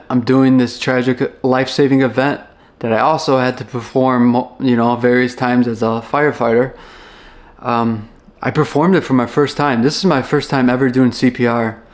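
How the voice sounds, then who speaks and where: A young man from Chicago, a former firefighter, telling a personal story in a halting, reflective way with many restarts. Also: medium pitch.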